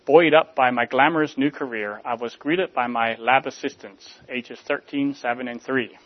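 Male preacher, mid-pitched voice, measured rhetorical delivery, slightly dull recording. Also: steady tone. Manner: measured, rhetorical, drops soft at line ends. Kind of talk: sermon.

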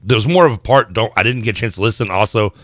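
A man co-hosting a sports radio show, still a little hoarse, joking and self-mocking as he tells stories. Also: on the low side, quick pace, no echo. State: slightly hoarse, recovering voice. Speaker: radio co-host. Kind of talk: sports talk radio chat. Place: radio studio. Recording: dry studio sound.

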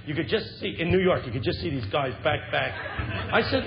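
A man in his fifties giving a humorous, impassioned sermon, swinging from shouts to hushed lows. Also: expressive, brisk, vocal fry, a crowd in the background. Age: 50s. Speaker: Christian speaker. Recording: muffled lo-fi with background hiss.

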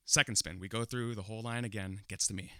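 A young man with a lowish but bright, forceful voice tells a comic personal story, laughing often as he drives the tension up. The sound is dry and close, with no room around it. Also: fairly even intonation, fast talker, smooth, no room sound.

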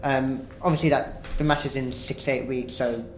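A man's voice: mid-range voice, steady tone, moderate pace, background noise. A man from England chatting casually about football as a co-host, hesitant, with frequent restarts. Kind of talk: casual chat.

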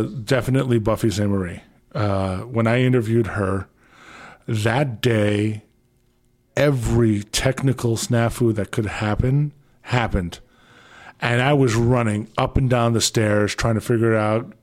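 A man with a Canadian accent, hosting his last radio show in a studio and telling stories in a rambling, excitable way with many restarts. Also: medium pitch. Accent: Canadian English. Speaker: departing radio show host. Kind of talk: casual radio interview.

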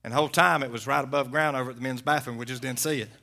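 A man, a pastor preaching a sermon and telling a story in a folksy way, swinging from loud preaching to hushed talk. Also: medium pitch, steady tone, very fast, gravelly.

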